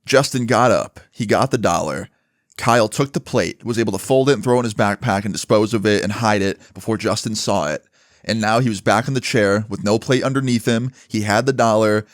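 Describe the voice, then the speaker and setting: A man's voice: fairly low pitch, fairly quick, no echo, studio quality. A man narrating a storytime in a casual, chatty way, swearing freely.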